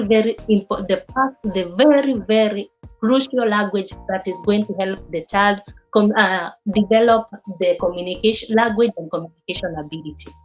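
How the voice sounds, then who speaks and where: A woman teaching a class on early childhood development, speaking haltingly and often repeating or restarting words. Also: mid-range voice. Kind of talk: class lecture with students. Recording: slightly dull lo-fi recording.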